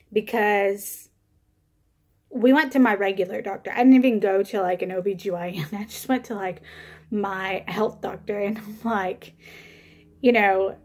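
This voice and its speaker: A woman's voice: medium pitch, a little mellow. A young woman telling a personal story to camera in a casual vlog, rambling with lots of fillers and little laughs. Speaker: vlogger.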